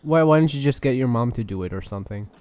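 A man's voice: medium pitch, expressive, quick pace, a little mellow, smooth. A young man co-hosting a casual podcast, jokey and teasing, playfully needling his co-host. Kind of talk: casual chat.

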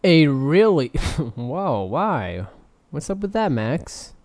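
A man's voice: a little high, big pitch swings, slow pace, darkish tone, no echo. A young man co-hosting a casual podcast, jokey and teasing, playfully needling his co-host. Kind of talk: casual chat.

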